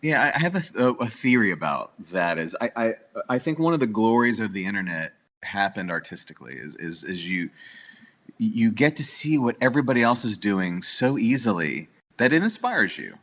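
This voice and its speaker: A man's voice: on the low side, very animated, brisk, fairly bright tone, highs cut off. A man from the New York area talking as a business owner in a casual podcast interview, eager and rambling with many restarts. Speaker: guest, bakery owner.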